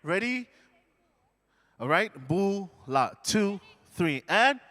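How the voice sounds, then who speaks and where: Energetic man coaxing a crowd. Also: a little high, measured pace, slight background noise. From Fiji. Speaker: stage presenter teaching an audience. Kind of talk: call-and-response lesson to a live audience. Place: large indoor hall, live event. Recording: echoey large hall.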